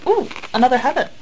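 A woman's voice: high-pitched, fairly bright tone, slight background noise, rough recording. A woman in casual group chat on a podcast, blunt and dryly unimpressed. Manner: blunt, dry, easily unimpressed. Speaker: podcast co-host.

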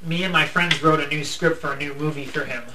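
Bright-voiced joking guy, far from the mic. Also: a little high, fairly even intonation, a little fast. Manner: joking, swears freely, laughs often. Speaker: podcast co-host. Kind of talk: casual podcast chat. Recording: echoey room, distant mic, faint hiss.

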